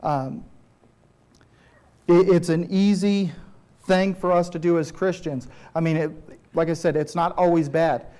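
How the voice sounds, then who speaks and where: A man's voice: a little high, fairly even intonation, unhurried, pauses often, warm tone. A man preaching a sermon to his congregation in an earnest, conversational way, often restarting his phrases. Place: church.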